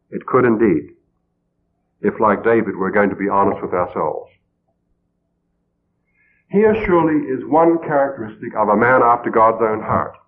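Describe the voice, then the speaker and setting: A man giving an earnest, measured sermon, asking rhetorical questions as he preaches on a radio broadcast. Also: fairly low pitch, lively intonation. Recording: tinny phone-like old radio broadcast.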